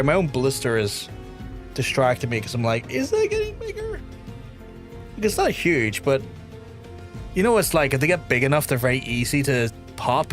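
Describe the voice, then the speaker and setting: A young man chatting through a game stream, his talk rambling and animated, with faint music underneath. His voice sits at a medium pitch. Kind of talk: casual let's-play chat.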